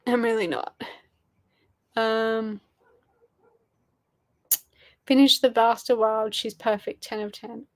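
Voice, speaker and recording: A woman's voice: on the high side, little pitch movement, slow pace, pauses often. A young woman, hosting a casual livestream, rambling and swearing casually while chatting with viewers. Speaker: livestream host. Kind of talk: casual chat reading live chat.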